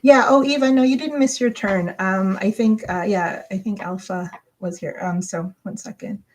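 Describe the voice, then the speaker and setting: A tarot reader doing a live reading talks at a normal speed in a mid-range voice. Her speech rambles and hesitates, full of fillers and restarts.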